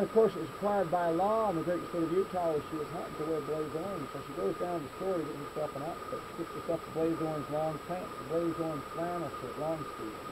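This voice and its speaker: A man telling folksy tall tales to a scout troop, with deadpan exaggeration and asides to his listeners, recorded outdoors in a meadow. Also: a little high. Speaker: campfire storyteller for a scout troop. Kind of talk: folksy tall-tale storytelling. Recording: outdoor recording with loud insects and traffic.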